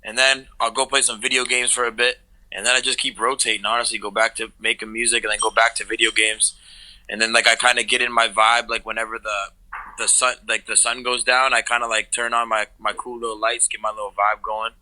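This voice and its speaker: A man's voice: mid-range voice, level tone, brisk, sharp tone, low-quality recording. A man from Canada talking as a guest in a laid-back, slangy casual chat. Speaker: music producer guest.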